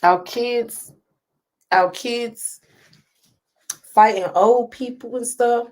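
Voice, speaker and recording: A woman's voice: a little high, very slow, a little mellow. Black woman going live on her phone, preachy and emotional, keeps saying y'all. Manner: impassioned, preachy, near tears, addresses viewers as y'all. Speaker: host reading live comments. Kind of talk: emotional live-stream commentary.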